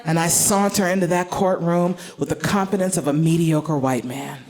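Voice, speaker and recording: A woman's voice: fairly low pitch, moderate pace. A woman comedian telling a theatrical stand-up story on stage, now and then slipping into mock-grand speeches. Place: comedy stage before a live audience. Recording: live room with crowd laughter. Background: audience laughter.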